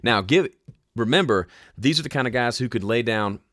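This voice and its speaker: A man hosting a casual live question-and-answer podcast, with a smooth, polished speaking voice and a relaxed, conversational way of explaining. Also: medium pitch, normal speed, no echo, studio quality. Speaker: host answering viewer questions. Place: home studio.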